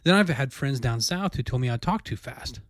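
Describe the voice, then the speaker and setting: A man's voice: mid-range voice, lively intonation, fairly quick, no echo, studio quality. Jokey man hosting a chatty podcast. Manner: jokey, laughs often, restarts sentences. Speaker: podcast host. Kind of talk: casual co-host banter.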